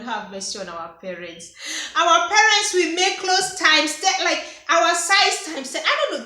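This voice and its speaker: Nigerian woman in her 30s, bright higher voice, laughing storyteller, echoey room. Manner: animated, laughs often, teasing. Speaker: vlogger. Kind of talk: unscripted personal storytelling.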